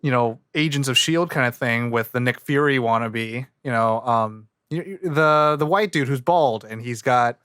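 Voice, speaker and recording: A man's voice: mid-range voice, normal speed, hardly any pauses, a bit bright, clear, resonant tone, no room sound, clean studio sound. Rambling male podcast co-host. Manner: rambling, full of fillers and restarts. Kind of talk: casual chat.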